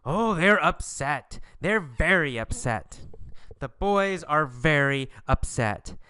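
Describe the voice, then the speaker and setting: A man's voice: fairly high pitch, smooth, no room sound. A man teaching an English lesson through questions and answers about a story, speaking emphatically. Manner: slow, emphatic teacher delivery with lively intonation.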